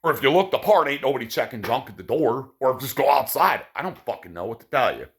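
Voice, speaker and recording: A man's voice: mid-range voice, lively intonation, fast. A man delivering a profane, sarcastic ranting monologue to his viewers. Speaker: vlogger.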